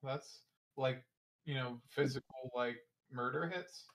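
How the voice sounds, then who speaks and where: A man's voice: medium pitch, slow pace, fairly bright tone. A man in casual conversation, encouraging the other speaker with hesitant phrasing.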